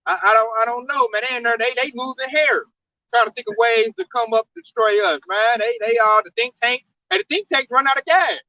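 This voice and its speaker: Bright-voiced man preaching fervently, off-mic. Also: very high-pitched, fairly quick, no echo, distant mic, dull audio. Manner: animated preaching, repeats "man". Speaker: religious commentator. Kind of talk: fervent religious talk, street slang.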